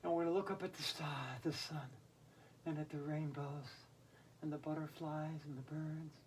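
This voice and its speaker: A woman's voice: low-pitched, measured pace, slight background noise. Playful woman leading a kids' yoga class. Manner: playful and silly, soft calm cues for breathing. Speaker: kids yoga instructor. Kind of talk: guided children's yoga lesson.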